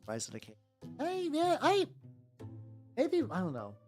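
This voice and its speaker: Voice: high voice, huge pitch swings, measured pace, darkish tone, faint music behind. A streamer chatting casually while painting miniatures, rambling with lots of "like" fillers and restarts, answering chat as they go.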